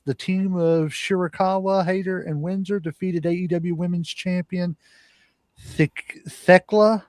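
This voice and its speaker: Reading out the week's wrestling results, a male podcast co-host fills his casual delivery with plenty of "uh"s. His high voice is a little mellow and a touch slow, with fairly even intonation, captured in clean studio sound without room noise.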